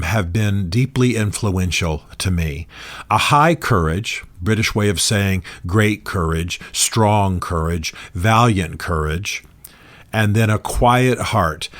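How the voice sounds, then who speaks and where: A man speaking in an earnest, measured monologue from his office, repeating key phrases for emphasis. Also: fairly low pitch, fairly bright tone. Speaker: author and commentator. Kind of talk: reflective spoken monologue.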